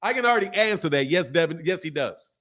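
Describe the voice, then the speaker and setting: A man's voice: on the high side, expressive, fast, fairly bright tone. A middle-aged man hosting a casual live stream, talking loosely in slang and reading viewer questions aloud. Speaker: host of a boxing channel live stream.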